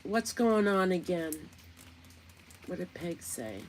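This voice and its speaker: A woman's voice: fairly low pitch, sing-song, slow pace, pauses often, a little mellow, slight background noise. A woman hosting a casual commentary vlog, talking in a chatty, indignant, gossipy way. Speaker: commentary channel host.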